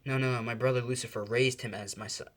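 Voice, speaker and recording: A man voicing a male angel father who gives long, grave warnings in a low, quiet voice, in a fan storytelling video. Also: steady tone, quick pace, close to an everyday voice.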